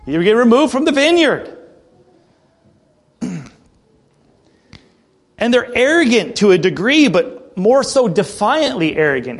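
A man preaching a conversational sermon, reading scripture aloud and explaining it with casual asides. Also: high voice. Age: adult. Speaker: pastor. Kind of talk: expository sermon.

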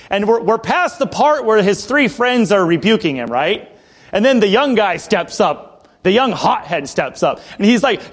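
Here a grown man preaches an expository sermon at normal speed, his high voice very animated. As a pastor he reads scripture out loud, then explains it conversationally with casual asides.

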